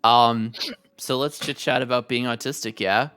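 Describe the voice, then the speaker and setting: A woman in her twenties hosting a casual live-streamed chat, playful and jokey with quick asides. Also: very deep voice, fairly even intonation, a bit bright, clear, resonant tone, soft background music. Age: 20s. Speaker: podcast host.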